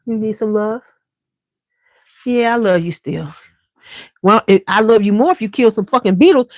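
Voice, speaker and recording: A woman's voice: mid-range voice, expressive, moderate pace, no echo. A woman hosting a beauty channel in a casual livestream chat at home. She talks straight to viewers, swears freely, and wears a clip-on mic.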